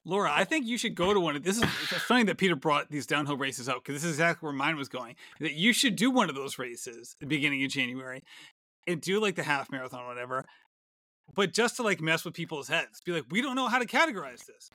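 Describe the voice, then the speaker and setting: A man's voice: on the high side, animated, fast, sharp tone, no echo, studio quality. A man co-hosting a casual chat, tossing in playful joking asides. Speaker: podcast co-host.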